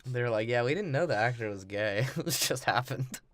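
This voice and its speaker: A man's voice: mid-range voice, animated, normal speed, a bit bright, slight background noise. A man co-hosting a podcast who laughs often and jokes, acting out movie lines in silly voices. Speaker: podcast co-host. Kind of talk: casual movie-review chat.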